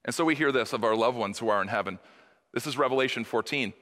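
A man, a pastor, preaching an earnest funeral-themed sermon that swings between soft, slow passages and emphatic rises. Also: medium pitch. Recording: long hall reverb.

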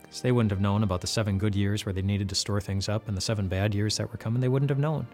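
A man's voice: on the low side, fairly even intonation, quick pace, a little mellow. Conversational man retelling a Bible story. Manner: conversational, with frequent restarts and repeated words. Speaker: devotional host. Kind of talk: casual devotional Bible talk. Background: faint music.

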